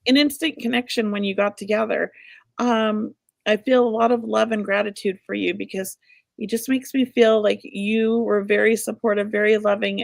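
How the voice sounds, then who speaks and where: A woman's voice: medium pitch, gravelly, no room sound, clean studio sound. A middle-aged woman co-hosting a show, giving casual spirit readings in an emotional, rambling way. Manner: emotional, warm-hearted, rambling. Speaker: psychic medium co-host.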